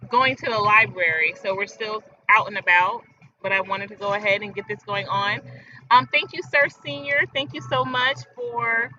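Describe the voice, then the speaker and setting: Woman, livestream host, chatty, emphatic, fairly high voice, outdoors, faint traffic noise. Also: pushed and bright, highs cut off. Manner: chatty, emphatic, addresses viewers as y'all. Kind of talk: casual livestream talk to viewers.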